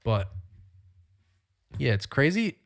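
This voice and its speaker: A man's voice: medium pitch, big pitch swings, slow, vocal fry. A man co-hosting a casual podcast chat, talking in a laid-back, hesitant way with many fillers. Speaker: podcast co-host.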